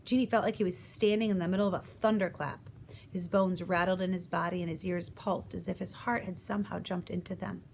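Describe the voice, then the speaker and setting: A woman's voice: on the low side, steady tone, a little fast, creaky, a little mellow, slight background noise. A woman reading a children's novel aloud, narrating and giving voice to each character. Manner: reads aloud, voicing each character's lines. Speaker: audiobook reader. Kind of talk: storybook narration.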